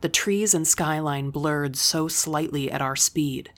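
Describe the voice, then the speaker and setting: A woman reading a novel aloud in the first person, calm, measured and reflective. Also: low voice. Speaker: audiobook narrator.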